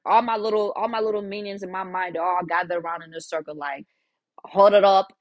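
A woman from Africa hosts a podcast, telling a personal story in a blunt, profane, animated way. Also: on the low side, brisk, no echo. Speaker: podcast host. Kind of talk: casual storytelling.

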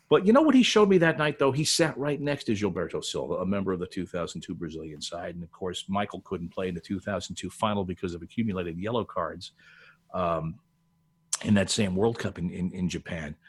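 A man's voice: deep voice, lively intonation, brisk, breathy edge. An older man, a veteran broadcaster, telling stories as a podcast guest in a rambling, restarting way. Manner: digressive storyteller with frequent restarts and laughs. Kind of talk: casual podcast conversation, storytelling.

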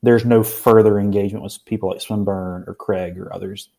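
A podcast guest, a man with a low, mellow, soft-edged voice. He talks in a measured way and stumbles into restarts when something puzzles him. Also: steady tone, vocal fry. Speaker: guest, paper co-author. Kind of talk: casual academic discussion.

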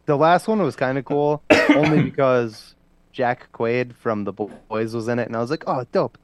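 A man's voice: medium pitch, fairly even intonation, normal speed, very noisy. A man co-hosting a podcast in casual chat, talking loosely with many fillers and frequent laughs. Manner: chatty, laughs often, trails off with fillers. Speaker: podcast co-host.

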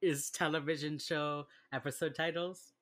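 Very low-voiced woman co-host. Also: fairly even intonation, moderate pace, no room sound, clean studio sound. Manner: laid-back, teasing, asks questions. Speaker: podcast co-host. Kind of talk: casual chat.

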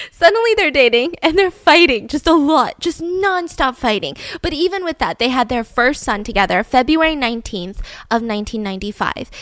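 A young woman tells a true-crime story in a loose, gossipy chat, acting out the quotes as she goes. Her voice sits a little high. The recording is dry and close, with no room around it. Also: no room sound. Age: young adult. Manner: chatty, acts out quotes, laughs often. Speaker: podcast host.

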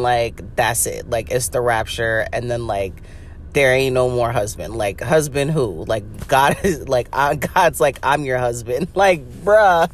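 A young woman hosting a podcast, talking in a rambling, profane comedic monologue full of "like" and laughter. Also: a bass voice. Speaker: podcast host.

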